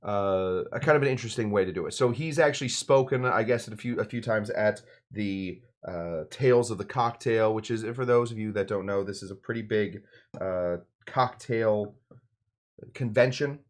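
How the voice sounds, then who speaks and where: A man's voice: on the low side, normal speed. Rambling man hosting a cocktail show. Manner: rambling, loose, full of fillers and side remarks. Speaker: bartender and show host. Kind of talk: casual cocktail-making demonstration.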